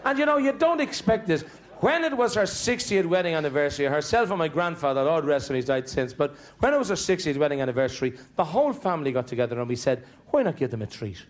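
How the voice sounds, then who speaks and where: A man's voice: fairly high pitch, animated, quick pace, few pauses. A man with an Irish accent doing stand-up, telling chatty, rambling family stories with comic restarts. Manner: chatty, digressive, stumbling restarts for comic timing. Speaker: stand-up comedian. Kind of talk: stand-up storytelling.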